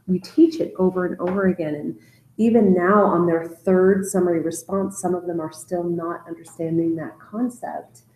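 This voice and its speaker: A woman's voice: on the low side, dark tone, slight background noise. Woman leading a class discussion, echoey room. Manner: conversational, hesitant with fillers. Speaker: teacher leading a storytelling class.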